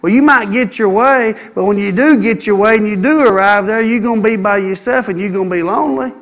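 A man preaching a sermon, animated and acting out the people he quotes. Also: sits high, a little fast, in a large hall. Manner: animated, acts out quoted people, calls for amen.

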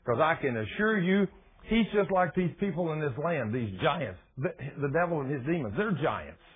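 Animated folksy preacher over tinny radio. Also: male voice, a little high, moderate pace. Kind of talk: sermon. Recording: tinny phone-like radio broadcast.

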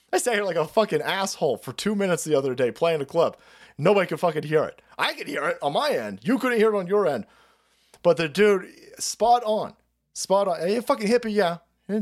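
A man hosting a livestream, ranting in a profane, mocking way and putting on voices to mimic the people he attacks. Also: a little high. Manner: foul-mouthed, animated, mocking voices of opponents. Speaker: livestream host. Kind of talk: profane political rant.

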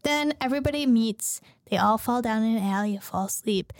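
A woman with a high voice co-hosts a casual podcast. She tells the story with a lot of energy and slips into the characters' lines as she goes. She swears freely and keeps it loose. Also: a little fast. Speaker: podcast co-host. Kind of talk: casual chat retelling an anime plot.

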